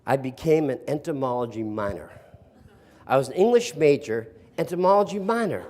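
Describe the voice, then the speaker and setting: A man's voice: mid-range voice, lively intonation, moderate pace, darkish tone, a little hiss or hum. An older man from the East Coast, a sarcastic storyteller who speaks to an audience of teachers and asks them questions. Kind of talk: storytelling workshop talk. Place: room with a live audience.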